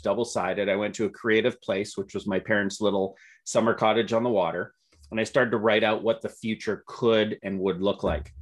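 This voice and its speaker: A middle-aged man, an upbeat and optimistic entrepreneur, telling business stories in an interview with frequent restarts. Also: on the low side. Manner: upbeat, optimistic storyteller with self-corrections. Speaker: entrepreneur guest. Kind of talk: storytelling interview answers.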